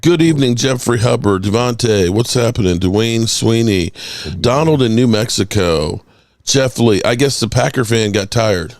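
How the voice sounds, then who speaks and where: A man co-hosting a casual live sports stream, reading viewer chat aloud and shouting out fans. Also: medium pitch, moderate pace, dry recording. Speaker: sports podcast co-host.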